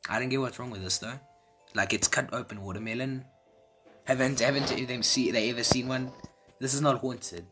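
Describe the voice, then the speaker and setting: A man giving casual, excitable reaction commentary as a video creator, repeating his exclamations and laughing often. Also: medium pitch, moderate pace. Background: faint background music.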